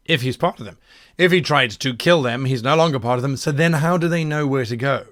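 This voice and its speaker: A man running a workshop as a game master, critiquing adventure submissions in a quick, wry, self-mocking way. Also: medium pitch, a bit bright.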